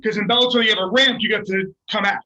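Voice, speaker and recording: A middle-aged man, a fighter, telling a story in a casual, profane and animated way and laughing at himself. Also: high-pitched, fast talker, lo-fi sound. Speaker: guest, MMA fighter.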